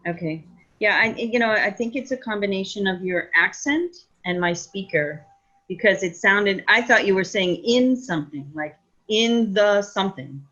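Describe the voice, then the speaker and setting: A woman's voice: mid-range voice, animated, normal speed, fairly bright tone. A woman attending a webinar, asking a question politely and carefully. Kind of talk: online Q&A. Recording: dull lo-fi call audio.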